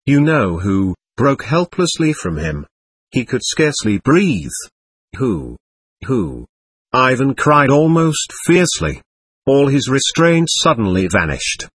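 Husky-voiced man reading a novel. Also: medium pitch, big pitch swings, measured pace, fairly bright tone, no echo. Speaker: audiobook narrator. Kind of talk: scripted narration.

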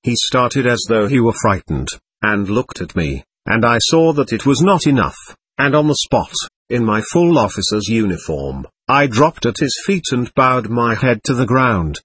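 A male narrator reads a classic novel aloud in the first person, with an earnest and expressive manner. His voice is slightly husky and his pitch moves a great deal from line to line. The recording is dry and close. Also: normal speed, dry recording.

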